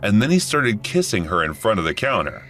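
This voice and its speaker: A man's voice: on the low side, huge pitch swings, a little fast, fairly bright tone, soft background music. A man narrating a first-person story in a matter-of-fact storytelling manner.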